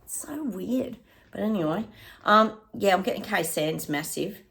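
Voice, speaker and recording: A middle-aged woman with an Australian accent, a psychic giving a chatty reading to her viewers, often pausing to say hang on and laughing. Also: medium pitch, expressive, vocal fry, a bit bright. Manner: laughs often and hums snatches of songs.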